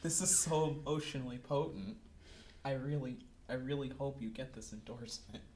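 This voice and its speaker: A man's voice: medium pitch, moderate pace, a little mellow, lightly acted. A man voicing a gushing, tearful female TV reporter in a tabletop game. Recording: roomy with faint noise.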